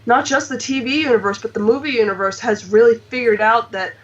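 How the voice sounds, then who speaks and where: A woman's voice: fairly high pitch, fairly quick. A woman hosting a casual panel chat over a video call, giving emphatic opinions with many fillers. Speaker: host. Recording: distant, dull lo-fi mic.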